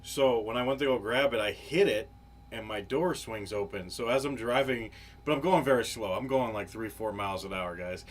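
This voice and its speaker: On a live podcast with faint background noise, a male co-host spins a long, meandering, profane story packed with fillers in casual conversation. He speaks at normal speed in a lowish voice.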